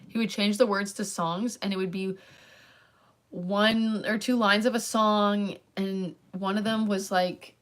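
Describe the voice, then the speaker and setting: A young woman chatting casually on her own channel, rambling with lots of fillers like "um" and "like". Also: medium pitch. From Canada. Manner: rambling, filler-heavy talk with many likes and ums. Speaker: channel host. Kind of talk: casual livestream chat.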